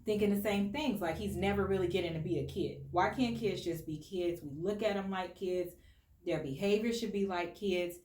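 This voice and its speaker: A woman's voice: medium pitch, darkish tone. An American woman hosting a casual discussion, talking earnestly and with strong opinions, with many "like" fillers. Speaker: host. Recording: echoey room.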